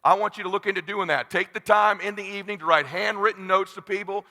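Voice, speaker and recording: Gravelly, bright-voiced male speaker. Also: sits high, steady tone, quick pace. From California, USA. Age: 40s. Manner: intense, blunt, challenges the audience, shouts to rouse them. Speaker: motivational speaker. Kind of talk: live keynote speech. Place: large conference hall. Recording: long hall reverb.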